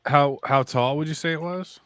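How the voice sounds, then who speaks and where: A man's voice: on the high side, moderate pace, fairly bright tone, no room sound. A man hosting a casual interview, asking short, curious follow-up questions. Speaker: host interviewer.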